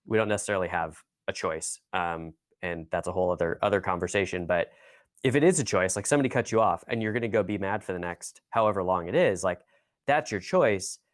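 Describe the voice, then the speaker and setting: A man's voice: deep voice, brisk, no room sound, studio quality. A man hosting a podcast, musing in a thoughtful, casual way. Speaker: podcast host. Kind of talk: podcast conversation.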